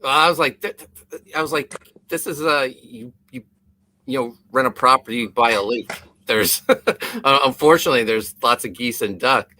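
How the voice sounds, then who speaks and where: A man's voice: medium pitch, moderate pace, pushed and bright, slight background noise. A man co-hosting a casual comedy podcast, telling stories in a rambling way that stumbles over and repeats words. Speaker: podcast co-host.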